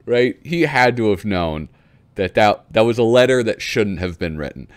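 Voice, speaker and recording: Casual male host, low pitch, dry close mic, chuckly rambling commentary. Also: big pitch swings, dry recording. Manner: chuckling, rambling, reads letters aloud slowly. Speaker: host flipping through a magazine. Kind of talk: casual commentary reading aloud.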